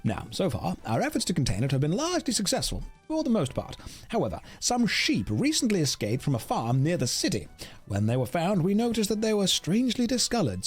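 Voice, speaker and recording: A man's voice: fairly high pitch, slightly rough, pitched above the performer's own voice, heavily acted. A male streamer voicing a self-important town councillor in a game, in a formal, pompous manner.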